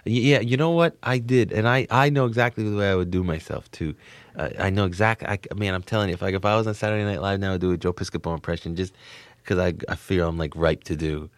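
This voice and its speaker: A man from suburban New Jersey, a comedian being interviewed, who talks in a rambling, excitable way full of restarts. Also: low-pitched, quick pace, no room sound. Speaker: comedian guest. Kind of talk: casual interview talk.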